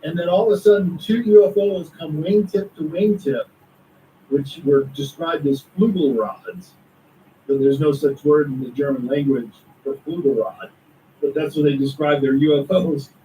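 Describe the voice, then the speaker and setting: An eager male storyteller who builds his account with asides like "get this." His voice is mellow and a little high. He sounds set back from the microphone, with a faint hiss under the talk. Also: normal speed, recorded from a distance, rough recording. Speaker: author and guest. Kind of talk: conspiracy talk interview.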